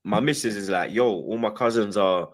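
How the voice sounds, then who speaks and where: A young man with a London accent tells an animated story, full of slang, acting out the voices of the people in it. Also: on the low side, moderate pace. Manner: lively, slang-heavy, acts out quoted voices. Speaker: guest.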